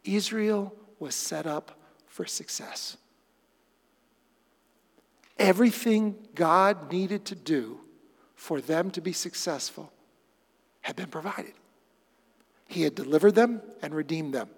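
High-voiced man preaching in a hall. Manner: animated, sarcastic asides. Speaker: pastor. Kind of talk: sermon. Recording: long hall reverb.

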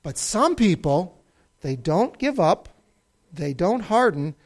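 Highly animated Bible storyteller. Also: takes it slowly. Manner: expressive storyteller with big swings between loud and hushed. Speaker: Bible teacher.

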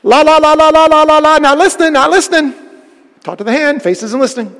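A preacher voicing a sneering, evasive young man in a high, mocking singsong. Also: quick pace, a bit bright, in a large hall.

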